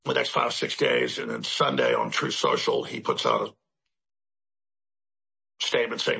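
A man's voice: medium pitch, very animated, a little slow, vocal fry, long pauses, sharp tone, breathy edge. A male host delivering a rambling, emphatic political commentary monologue, piling up repetitions as he talks. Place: studio in Central Texas.

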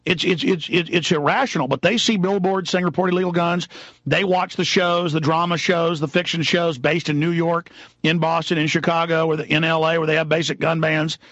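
A male talk radio host in his thirties launches into a fast, heated rant, voice pitched a little high. The sound is dry and close, with a dull, lo-fi broadcast quality. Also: fairly even intonation, fairly bright tone, dry recording. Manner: fast, heated ranting with dramatized quotes.

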